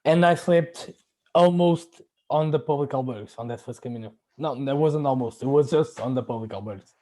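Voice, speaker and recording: A man hosting a casual chat, telling personal stories haltingly, often searching for words and restarting. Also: mid-range voice, mellow, low-quality recording. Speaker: podcast host.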